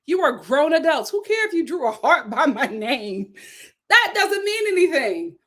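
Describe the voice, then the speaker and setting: A woman's voice: high-pitched, normal speed. Sassy woman recapping reality TV. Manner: sassy, animated, blunt. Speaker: vlog host. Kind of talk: casual reality-TV recap commentary.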